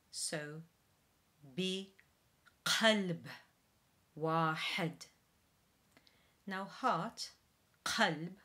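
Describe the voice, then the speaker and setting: A woman from Wales, a soprano, giving a spoken pronunciation lesson, demonstrating sounds slowly and carefully. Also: fairly low pitch, fairly bright tone. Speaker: singing pronunciation teacher.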